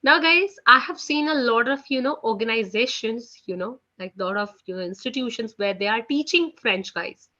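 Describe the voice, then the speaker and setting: Barely pausing, a woman with a slightly high, bright, forward voice teaches French live online at normal speed. She chats loosely with lots of "you know" and "guys," over dull, lo-fi call audio.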